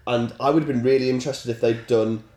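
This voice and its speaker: Calm podcast co-host with a cold. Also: male voice, medium pitch. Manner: measured, explains calmly. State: head cold, stuffy. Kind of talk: casual chat. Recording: roomy sound.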